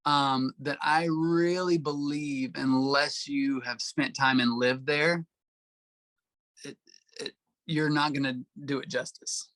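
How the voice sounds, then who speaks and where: A man from Arkansas with a Southern accent, answering interview questions in a halting way with many pauses and fillers. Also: medium pitch, fairly even intonation, fairly bright tone, dry recording. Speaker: actor, interview guest.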